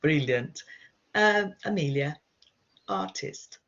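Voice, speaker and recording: Woman, encouraging teacher, husky voice, slow speech. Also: sits low, expressive, fairly bright tone. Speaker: Portuguese teacher. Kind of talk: online language lesson. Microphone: video call. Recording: slightly dull video-call audio.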